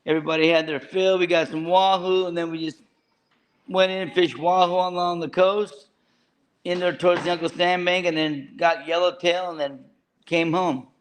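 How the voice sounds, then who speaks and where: A man's voice: high-pitched, fairly even intonation, normal speed, slight background noise. A man, a fishing boat captain, talking plainly in an interview and often repeating words as he goes. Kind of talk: casual interview.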